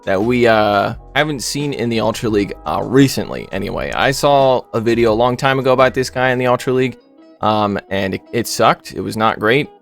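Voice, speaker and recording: A man talking through his gameplay in a loose, rambling way, stopping often on filler words and tossing in jokes. His voice sits at an ordinary middle pitch for a man. Faint music plays underneath. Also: animated, a little fast, vocal fry. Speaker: gaming YouTuber. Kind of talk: casual gameplay commentary.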